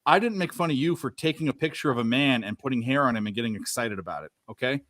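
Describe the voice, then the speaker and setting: A man's voice: mid-range voice, lively intonation, fast talker, a bit bright, dry recording. A man co-hosting a sports betting stream, talking casually and profanely, repeating words as he starts sentences. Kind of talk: casual chat.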